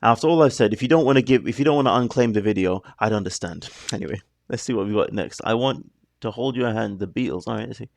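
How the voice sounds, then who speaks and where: Gravelly, low-voiced man rambling casually. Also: fast talker, hardly any pauses. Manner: chatty, rambling, self-interrupting. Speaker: reaction video host.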